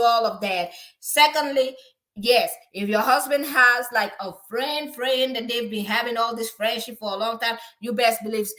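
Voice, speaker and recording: A woman's voice: mid-range voice, pushed and bright. A woman hosting opinionated celebrity news commentary, lecturing outspokenly and often restarting her words mid-sentence. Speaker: commentary channel host.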